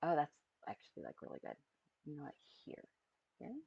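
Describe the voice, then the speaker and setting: A streamer talks unhurriedly through a live avatar-building session, thinking aloud and letting sentences trail off. The voice has a gravelly, husky edge and unhurried pacing. It sits on a muffled, lo-fi stream recording. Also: mid-range voice, huge pitch swings, a little mellow, no room sound. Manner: muttering to self, trailing off mid-thought.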